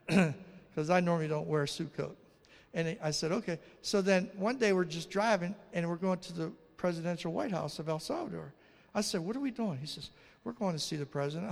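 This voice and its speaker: Man, high voice, gravelly, storytelling preacher, hall reverb. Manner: animated storyteller acting out dialogue. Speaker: missionary preacher. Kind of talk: storytelling testimony sermon.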